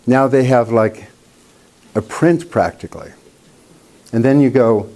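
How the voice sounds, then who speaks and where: A man leads a painting workshop with a warm, mellow voice. He talks in a loose, chatty way and tells stories, putting on the voices of the people in them. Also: mid-range voice, a little slow, pauses often. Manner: chatty storyteller, acts out quoted voices. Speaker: painting instructor. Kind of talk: casual workshop teaching.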